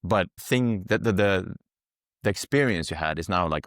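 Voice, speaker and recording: A man's voice: sits low, animated, moderate pace, fairly bright tone, no room sound, clean studio sound. A man working as a psychedelic guide, talking casually on a podcast, explaining things through long rambling metaphors and swearing freely.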